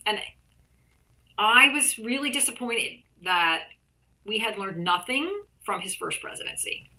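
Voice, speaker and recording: A woman's voice: mid-range voice, animated, unhurried, pushed and bright, poor audio. A woman guest, an artist and art teacher, speaking bluntly and emphatically in casual conversation, with frequent swearing.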